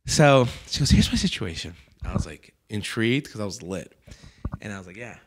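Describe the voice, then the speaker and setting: A lowish male voice, a little fast, belongs to a comedian hosting a comedy podcast. He tells an animated, profane story in a casual way, acting out what other people said.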